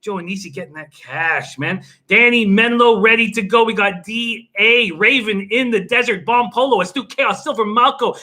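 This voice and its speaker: A man hosting a sports betting live stream from home, energetically reading out chat shout-outs. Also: very high voice. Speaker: sports betting show host.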